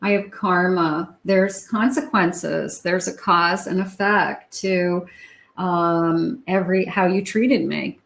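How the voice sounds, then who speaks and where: A woman giving a tarot love reading, talking slowly and musingly to her viewers. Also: fairly low pitch, fairly even intonation, gravelly, fairly bright tone, rough recording. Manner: slow, musing, talks to the viewer. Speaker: tarot reader.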